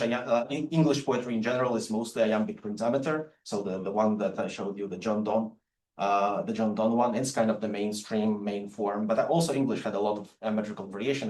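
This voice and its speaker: A man, a non-native English speaker, giving an academic lecture on poetic forms with many halting fillers and restarts. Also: lowish voice, darkish tone. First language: Latvian. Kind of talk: public lecture with poetry readings. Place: lecture room. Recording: roomy lecture hall sound.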